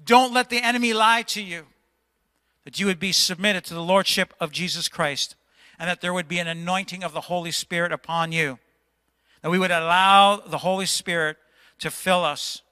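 A male pastor delivers a fervent sermon, stern and exhorting, pushing his voice up when he rebukes. His voice sits high and sounds sharply bright and piercing. It rings out with a long reverb through a church sanctuary. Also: fairly even intonation, normal speed, smooth.

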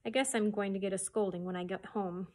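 Woman voicing a small lost boy, high and teary, storybook read-aloud, louder than her narration. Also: steady tone, quick pace, close to an everyday voice. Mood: worried. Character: young boy, lost, sick and weepy.

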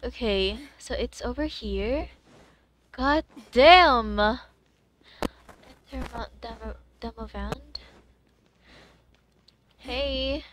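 A young woman streaming a game, chatting casually with her viewers, excitable and swearing freely. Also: a little high, very slow, pauses often, background noise. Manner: excitable, swears freely, gasps and shrieks in surprise.

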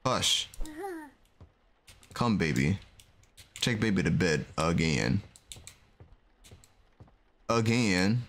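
A man casually commentating a game he is playing, animated and exclaiming as he reacts. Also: low-pitched, extremely slow, long pauses. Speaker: gaming video host. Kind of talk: casual let's-play commentary.

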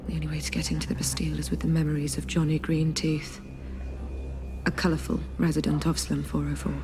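A woman's voice: deep voice, completely flat delivery, fast. An actress playing a young woman memory hunter, narrating in an introspective, soul-searching way. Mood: brooding. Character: Nilin, young woman memory hunter, brooding and guilt-ridden. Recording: game audio over music.

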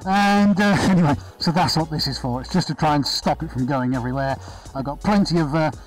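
A man's voice: a little high, a little fast, soft background music, poor audio. A man hosting a live painting stream from his studio, chatting casually and greeting viewers by name in an upbeat way. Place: art studio, indoors. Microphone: body-worn chest camera.

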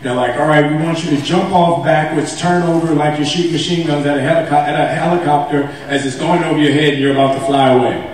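A man on a convention stage telling funny stories in a casual, animated way, laughing and acting out what people said. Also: a little high, fast, few pauses, slight background noise. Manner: animated, laughing, acts out quotes with a raised voice. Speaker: actor on a convention stage panel. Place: large convention hall. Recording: echoey hall, mic heard from a distance.

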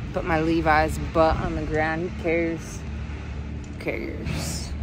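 A woman's voice: on the low side, background noise. A woman vlogging outdoors at a dog park, chatting casually and cooing at her dogs. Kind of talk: casual vlog chat.

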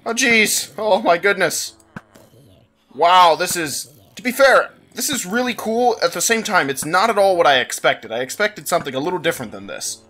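A man's voice: on the high side, fairly bright tone. A man giving let's-play commentary, exasperated and exclaiming as he struggles, breaking into laughs and sighs. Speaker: gaming channel host.

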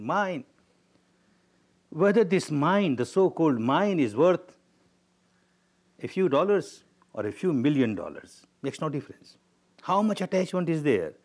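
A man leads a spiritual meditation talk at a medium pitch. He tells stories along the way and stresses his points by repeating key words. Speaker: meditation teacher. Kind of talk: spiritual discourse with storytelling.

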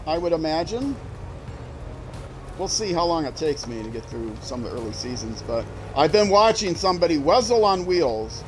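A man's voice: on the high side, a little hiss or hum, low-quality recording. A man streaming a game, chatting casually as he plays, musing aloud and restarting his sentences. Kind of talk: casual gameplay commentary.

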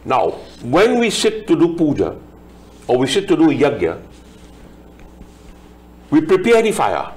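A man's voice: a little high, wildly swooping pitch, unhurried, long pauses, a little mellow. A man, a Hindu pandit explaining scripture in a religious discussion, chanting Sanskrit verses and translating them line by line.

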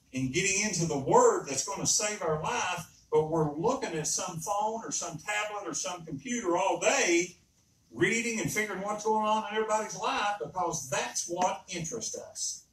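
A man preaching an earnest, emphatic sermon in a church, often repeating his points. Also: high voice. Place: church sanctuary. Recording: roomy echo, speaker far from mic.

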